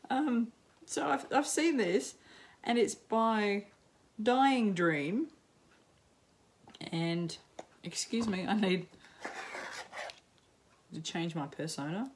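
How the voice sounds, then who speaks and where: A middle-aged Australian woman chatting casually as a knitting podcaster at home, rambling and self-mocking, with frequent ums and quick laughs. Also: medium pitch. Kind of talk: casual chat to camera. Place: home, in sunshine.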